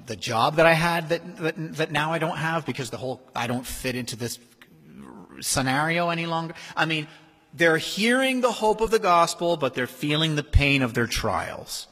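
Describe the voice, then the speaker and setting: A man preaching a sermon as pastor, in a conversational, animated way. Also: fairly high pitch, normal speed. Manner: conversational, animated, acts out quoted voices. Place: church sanctuary. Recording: long hall reverb.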